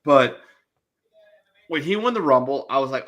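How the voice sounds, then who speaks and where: A man's voice: mid-range voice, lively intonation, moderate pace, pauses often, a bit bright. A man co-hosting a podcast, giving exasperated, rambling opinions in casual chat. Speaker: podcast co-host.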